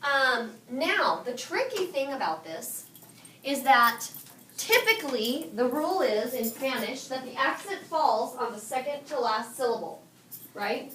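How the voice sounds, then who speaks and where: A high, bright woman's voice leads a high school classroom. She fires questions at her students and echoes back their answers. She is picked up from across an echoey room with a faint hum underneath. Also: lively intonation, measured pace, distant mic. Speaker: high school Spanish teacher. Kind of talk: classroom teaching.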